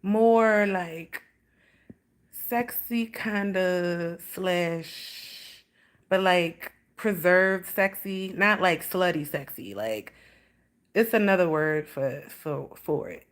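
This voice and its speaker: A woman with a lowish voice chats on a livestream at a very slow pace. She rambles through stories, swearing freely and saying "like" a lot.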